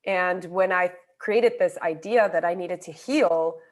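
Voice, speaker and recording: A woman's voice: lowish voice, a little slow. A woman talking candidly about her own grief, speaking earnestly with casual fillers in a conversation over a video call. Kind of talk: personal reflective conversation.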